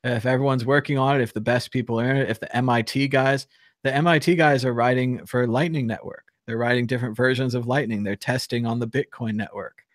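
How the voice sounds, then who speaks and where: A man hosting a live call-in talk show, speaking in an animated, opinionated way with geeky tangents. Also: medium pitch, fairly quick, dry recording, clean studio sound. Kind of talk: casual live call-in discussion.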